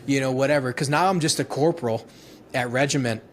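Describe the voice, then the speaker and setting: A man in his thirties, a former Marine, tells his stories in a loose, profane, laughing way. His voice sits at an ordinary middle pitch. Faint background noise runs under the recording. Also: fast talker. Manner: rambling, profane, laughing retelling with many restarts. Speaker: guest, former Marine infantryman. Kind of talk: casual storytelling interview.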